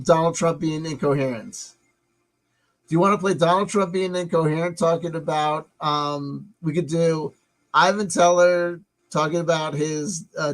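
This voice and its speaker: Casual male streamer with a slightly higher-pitched voice, rambling and self-interrupting, swears freely. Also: low-quality recording. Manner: rambling, musing aloud, swearing. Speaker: live-stream host. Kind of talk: casual live-stream commentary.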